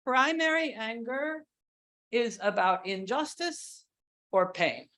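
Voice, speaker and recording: A woman giving a keynote talk on religious education, earnest and deliberate, stretching words for emphasis. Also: a little high, lively intonation, fairly bright tone. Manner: earnest, slow, with drawn-out emphasis; sings and acts out cries while teaching. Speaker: keynote speaker.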